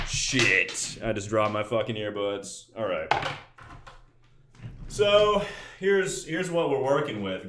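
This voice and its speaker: A young man streaming from his room at home, loud and jokey, thanking viewers by name in casual chat. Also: lowish voice.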